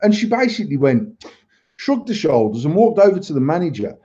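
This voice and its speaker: A man with a high, sing-song voice and a dark tone talks fast as he hosts a live chat show podcast. He's worked up, ranting and swearing heavily while telling a story in casual live-stream chat. The stream audio is lo-fi and slightly muffled.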